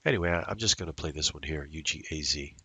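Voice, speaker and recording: Man, very low voice, dry close sound, rambling live trading commentary. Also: quick pace, sharp tone, breathy edge, no room sound. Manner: rambling self-talk, drifting into musings. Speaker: day trader. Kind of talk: live trading commentary over a screen recording.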